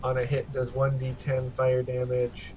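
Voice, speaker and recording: A man's voice: mid-range voice, completely flat delivery, measured pace, darkish tone, highs cut off. A man playing a tabletop game, describing his character's actions and adding a little playful whining. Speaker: player.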